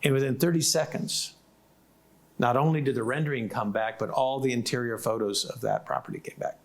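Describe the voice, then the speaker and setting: Animated storytelling male moderator. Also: mid-range voice, brisk. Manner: animated storyteller who acts out what others said. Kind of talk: casual panel discussion.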